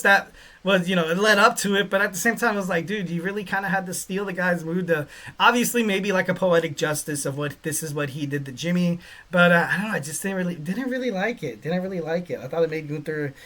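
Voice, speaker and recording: A man's voice: high-pitched, bright, forceful tone. Rambling male wrestling podcast host. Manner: rambling, heavy on fillers like "you know"; laid-back slang. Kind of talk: casual wrestling podcast talk.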